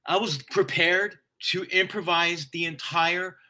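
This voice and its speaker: A man's voice: high-pitched, measured pace, noisy background. A man, a stage actor, telling a story in casual conversation, swearing freely and laughing often. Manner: profane, laughing, energetic storyteller.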